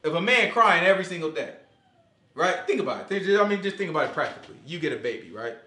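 A man preaching an informal sermon in slangy, animated talk, acting out voices as he goes. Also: fairly high pitch, fast talker. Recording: echoey room.

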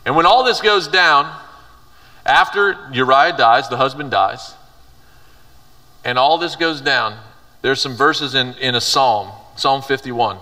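A man's voice: medium pitch, slow, sharp tone, recorded from a distance. A man preaching a youth sermon, reading scripture aloud and retelling it in casual, conversational terms. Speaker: youth pastor. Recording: reverberant hall, voice from afar.

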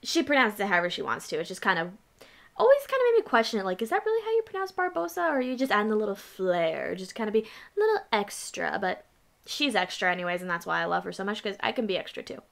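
Woman reacting to a vid, bright punchy voice, chatty, keeps jumping in. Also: mid-range voice, big pitch swings, fast, vocal fry. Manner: chatty, playful, interjecting asides. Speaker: channel host reacting to a video. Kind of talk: casual reaction commentary.

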